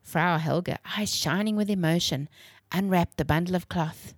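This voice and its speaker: A woman reading a children's story aloud in a clear, expressive way. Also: fairly low pitch, normal speed, dry recording, clean studio sound.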